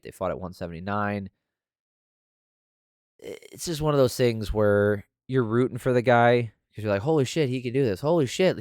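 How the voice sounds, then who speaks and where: A man's voice: lowish voice, clean tone, no echo, studio quality. Profane ranting man breaking down fights. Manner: profane, flares up into loud rants. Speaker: MMA podcast host.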